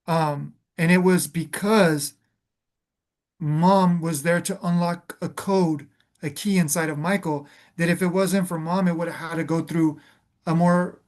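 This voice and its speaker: A man's voice: on the high side, fairly even intonation, measured pace, darkish tone. Earnest man in reflective spiritual talk. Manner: earnest, calls listener "beloved"; searching, restarts phrases often. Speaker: spiritual conversation host.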